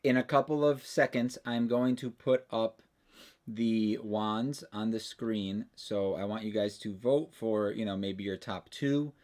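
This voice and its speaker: A man's voice: on the low side, steady tone, measured pace, a little mellow. A man hosting a livestream in casual chat, talking loosely and restarting his sentences often. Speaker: livestream host.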